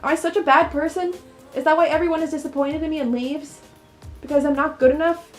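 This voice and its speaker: A tearful, insecure young heroine from a story game pleads in a raised, strained voice, read aloud by a woman. Her lines come pitched above a plain speaking voice. Faint music plays underneath. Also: steady tone, fast talker, natural voice. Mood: pleading.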